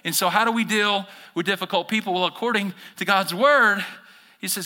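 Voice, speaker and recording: A male pastor giving an animated sermon, speaking straight to his congregation and acting out the voices of the people he quotes. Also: high voice, fairly quick, long reverb tail. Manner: animated preaching, talks directly to the congregation, acts out quoted voices.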